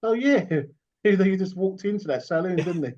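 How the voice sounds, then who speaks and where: A man co-hosting a casual film podcast, talking rapidly and repeating himself. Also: high-pitched, lively intonation, warm tone. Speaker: podcast co-host. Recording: dull lo-fi mic.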